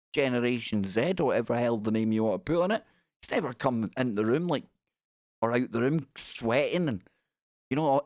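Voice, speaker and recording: A man's voice: medium pitch, dry recording, studio quality. A middle-aged man hosting a live stream, giving sarcastic, exasperated commentary on the news.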